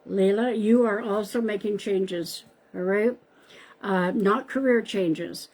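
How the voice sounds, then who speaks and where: A woman's voice: medium pitch, slow pace, darkish tone, poor audio. A woman psychic medium giving card readings to viewers on a live stream, chatty and calling out their names. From Canada. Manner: chatty, addresses viewers by name. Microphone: live-stream device mic.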